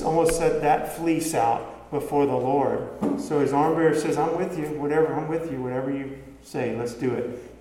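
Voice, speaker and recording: A man delivers a sermon in a relaxed, mellow voice, talking to his congregation and asking them question after question. His words ring through a roomy hall with a long, echoing tail. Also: on the high side, a little hiss or hum. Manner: conversational, asks the congregation rhetorical questions. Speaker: preacher. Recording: echoey hall with long reverb, faint ambience.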